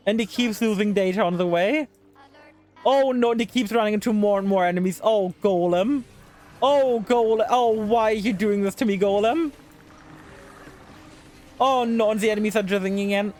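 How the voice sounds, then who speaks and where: A woman gives live commentary over her gameplay, with faint game music underneath. She scolds the characters on screen in exasperation and swears freely. Her voice is very lively and swings widely in pitch. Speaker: streamer.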